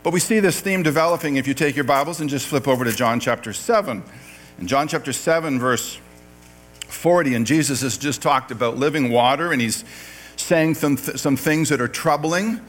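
A man's voice: mid-range voice, normal speed, fairly bright tone, soft background music. A man from Canada preaching a sermon as pastor, talking conversationally, reading scripture aloud and correcting himself mid-sentence.

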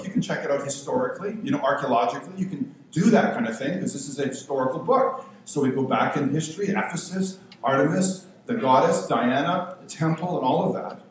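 A man's voice: on the high side, darkish tone. Echoey fifty-something male preacher. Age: 50s. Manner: conversational and self-deprecating, with slow emphatic phrases. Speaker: pastor. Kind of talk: sermon. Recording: very echoey room with faint ambient noise.

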